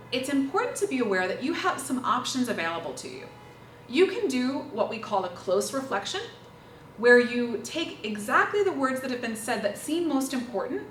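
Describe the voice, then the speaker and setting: A woman trainer giving an instructional talk on listening skills, explaining with lively, demonstrative examples. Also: fairly high pitch, recorded from a distance, a little hiss or hum. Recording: echoey room, voice from off-mic, faint ambience.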